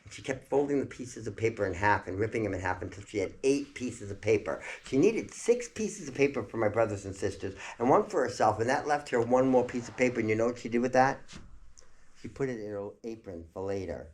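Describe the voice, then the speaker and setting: Animated older man telling a family story. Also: medium pitch, a little fast, a little hiss or hum. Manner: animated, chatty, laughs at his own story.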